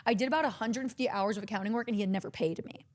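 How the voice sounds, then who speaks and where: A woman's voice: mid-range voice, very fast. A young woman from Texas telling a long story in casual chat, acting out every quote and swearing freely. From Corpus Christi, Texas. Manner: animated, acts out quotes, swears a lot.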